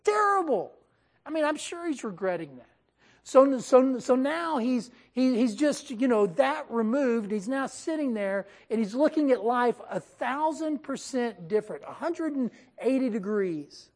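Brief lively woman teacher, casual Bible study, fairly high voice, talks right to the group. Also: unhurried. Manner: animated, talks straight to her group, acts out quotes.

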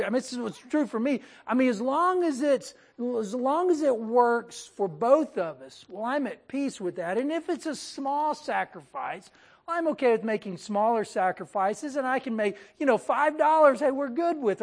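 Brief lively woman teacher, casual Bible study, fairly high voice, talks right to the group. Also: moderate pace. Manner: animated, talks straight to her group, acts out quotes.

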